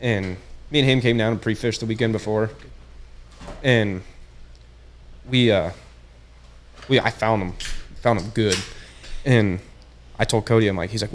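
A man's voice: fairly low pitch, steady tone, normal speed, pauses often, slight background noise. A young man, a guest on a podcast, telling a story in casual chat. He talks in a laid-back way, says "dude" often and acts out the lines he quotes. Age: young adult. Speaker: podcast guest, tournament angler.

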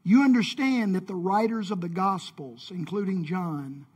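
A man's voice: high-pitched, normal speed, a little mellow, slightly rough. A man preaching a sermon in a conversational, folksy way, with playful asides. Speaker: pastor. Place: church sanctuary.

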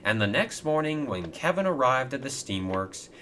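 A man narrating a toy train story in a lively storytelling manner. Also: mid-range voice, normal speed, a little hiss or hum.

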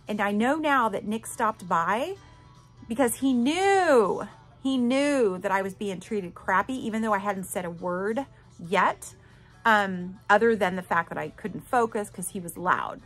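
A woman's voice: medium pitch, animated, a little slow, a bit bright, soft background music. A middle-aged woman hosting a podcast, telling a personal story candidly and emphatically, talking straight to her listeners and swearing casually. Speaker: podcast host.

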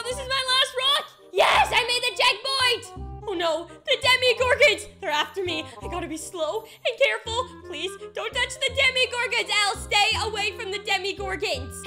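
Young woman gamer host, very high bright voice, excitable, squealy commentary over a clear music bed. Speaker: gaming video host. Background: background music.

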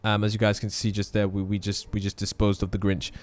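A man hosting a gaming channel, giving let's-play commentary in an excitable way, often exclaiming and thinking aloud. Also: fairly low pitch, quick pace.

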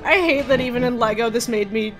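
A woman's voice: fairly high pitch, fast talker, music in the background, poor audio. A woman casually chatting while playing a video game, laughing often and getting emotional. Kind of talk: casual gaming chat.

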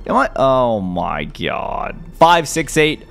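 Wildly animated young gamer guy. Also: medium pitch, takes it slowly, creaky, faint music behind. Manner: excitable, jumps from mutter to yelps. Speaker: gaming video host. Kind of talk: let's-play horror game commentary.

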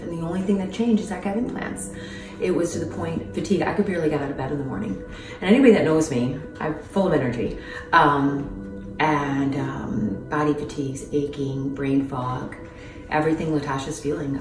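A woman in her fifties giving an emotional personal testimony in an interview, halting and earnest, close to tears. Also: deep voice. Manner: earnest, halting, many ums. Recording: roomy distant mic with music.

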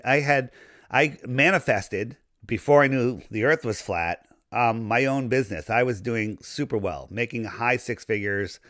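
A man speaking as a podcast guest in casual conversation, talking in a rambling, animated way as he loses his voice. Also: medium pitch, dry recording, clean studio sound. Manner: rambling, animated conspiracy talk. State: losing his voice.

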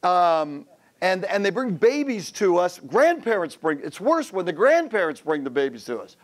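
Man, pastor, 50s, high voice, humorous sermon, acts out quotes. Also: sing-song, normal speed. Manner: humorous storytelling with acted quotes. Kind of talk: sermon to men.

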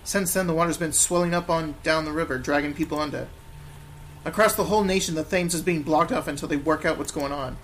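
Man putting on a cocky corrupt cop, lazy and scornful, brash slang, high voice, faint background hiss. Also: fairly quick, a bit bright, lightly acted. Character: lazy corrupt male London policeman, cocky.

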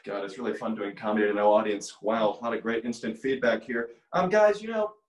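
A man's voice: lowish voice, level tone, quick pace, echoey room, rough recording. Young man with a radio-announcer voice. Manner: radio-like announcer voice, dry joking. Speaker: comedian. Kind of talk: stand-up impressions set. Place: at home, filmed by his mother.

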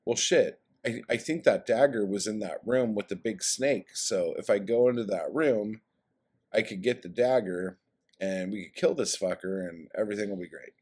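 Blunt barbarian warrior, voiced by a man, low voice, offhand, swearing. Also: normal speed, darkish tone, husky. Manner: offhand, matter-of-fact, swearing.

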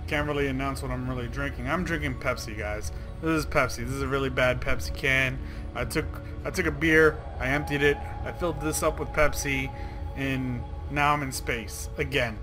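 A man riffing through a casual let's play, his voice sitting at a middle pitch. He jokes around and swears freely as he rambles along, with faint music playing behind him. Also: fairly even intonation, normal speed. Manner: profane, joking and rambling. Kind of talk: casual gaming commentary.

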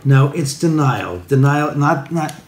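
A man's voice: fairly high pitch, lively intonation, measured pace, a little mellow, a little hiss or hum. A man bantering with friends, mock-scolding and teasing with lots of swearing. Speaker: friend on vlog. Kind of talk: casual joking banter. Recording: roomy, music behind.

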